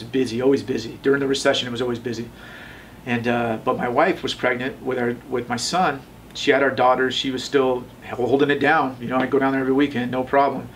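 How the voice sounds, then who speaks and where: A man's voice: medium pitch, far from the mic, a little hiss or hum, rough recording. Rambling man telling his story. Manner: rambling, many fillers, acts out quoted voices. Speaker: tattoo shop owner telling his story. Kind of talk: relaxed interview storytelling.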